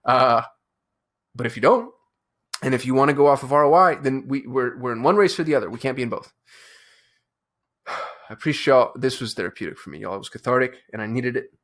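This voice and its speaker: A man's voice: medium pitch, animated, fairly quick, pauses often, fairly bright tone. A man who hosts his own channel, talking to camera in a fired-up, emphatic way with frequent restarts and fillers. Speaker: agency owner and channel host. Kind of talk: fired-up casual talk to camera.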